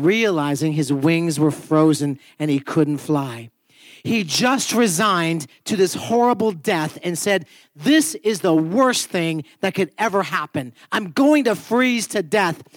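High-voiced lively male preacher. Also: no echo, studio quality. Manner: lively, humorous storytelling with sudden rises in pitch and volume. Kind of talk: sermon with storytelling. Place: church.

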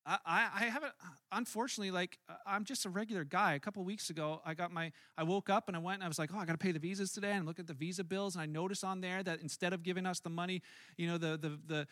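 A man preaching a sermon as a pastor, conversational and animated, acting out his own angry outbursts in stories. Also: sits high, rapid-fire, no room sound, studio quality.

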